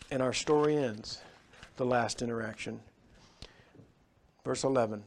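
Male pastor, sermon delivery, emphatic, swings from loud rises to hushed drops. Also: medium pitch, measured pace, long pauses.

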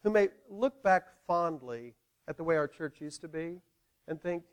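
A male pastor preaching in an animated, conversational way, playfully involving the congregation. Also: fairly high pitch, moderate pace, smooth. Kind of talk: sermon.

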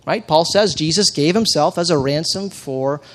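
A man's voice: a little high, moderate pace. A man preaching a teaching sermon, talking conversationally with frequent restarts and reading scripture with dramatic emphasis. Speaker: pastor.

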